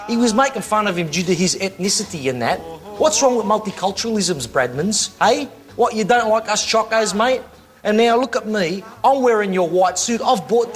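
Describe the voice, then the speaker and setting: Blustery Aussie pizza owner, high voice, taunting. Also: male voice, fairly bright tone. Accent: Australian. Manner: blustery, taunting, "mate" and "sucked in". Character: brash male pizza shop owner, defiant and mocking.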